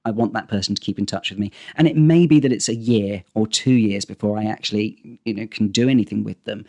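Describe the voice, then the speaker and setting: Low-voiced agent chatting animatedly. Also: male voice, fast talker. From England. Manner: animated, repeats words when starting sentences. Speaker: talent agent, podcast guest. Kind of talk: casual interview chat.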